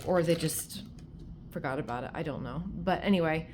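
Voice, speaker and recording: A woman's voice: sits low, moderate pace, a little mellow, slight background noise. Chatty woman rambling through a thrift haul. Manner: chatty, rambling, frequent ums and likes. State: out of breath. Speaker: vlogger showing a thrift haul. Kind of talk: casual chat to camera. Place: at home. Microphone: phone held in hand.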